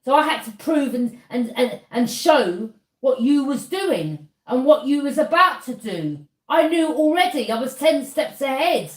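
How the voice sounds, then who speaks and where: A woman's voice: high voice, expressive, a little slow, few pauses, roomy sound. A woman tarot reader, delivering an accusing monologue to camera and throwing out "yeah?" as a challenge.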